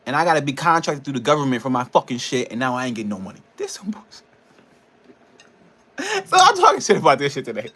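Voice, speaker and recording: Bright-voiced man ranting profanely. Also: a little high. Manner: frustrated, profane, rambling rant with laughs. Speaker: personal trainer and nutrition coach. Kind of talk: casual ranting vlog.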